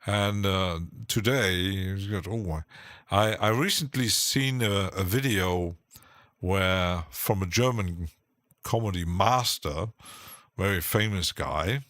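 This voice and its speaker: Slow, low-voiced man rambling on stream. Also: a bit bright, no room sound. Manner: rambling, halting, with many restarts and frequent laughs. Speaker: live-stream host. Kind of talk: rambling casual chat on a live stream. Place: home studio.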